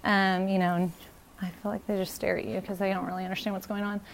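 A woman's voice: medium pitch, level tone, fast. A woman in her thirties giving a casual, earnest church talk on parenting, with many fillers and restarts.

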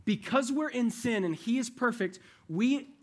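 A man's voice: very high-pitched, unhurried, a little mellow. A young man preaching a sermon in a casual, conversational way, addressing his group directly and retelling a parable.

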